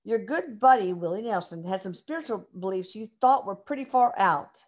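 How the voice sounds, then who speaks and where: A woman's voice: medium pitch, expressive, moderate pace. A woman interviewing a medium, asking questions eagerly and chiming in with short replies.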